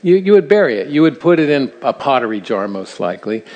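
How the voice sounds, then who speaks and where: An older man speaks at a church seminar for grandparents in a mid-range, sing-song voice, talking fast over lo-fi sound. His sermon-style talk is earnest and built on stories, and he chuckles at his own asides while a large hall's long reverb trails behind him.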